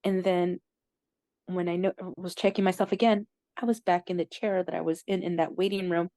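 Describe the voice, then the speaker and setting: Gravelly low-voiced woman telling her story. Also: level tone, mellow, no room sound. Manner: halting, many "like" fillers, loses words. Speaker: interviewee recounting a near-death experience. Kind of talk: personal storytelling.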